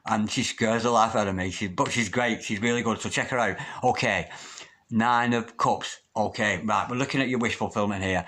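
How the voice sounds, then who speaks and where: Earnest, halting male tarot reader. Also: lowish voice, a bit bright. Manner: earnest, halting, repeats words often. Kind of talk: spoken tarot reading to camera.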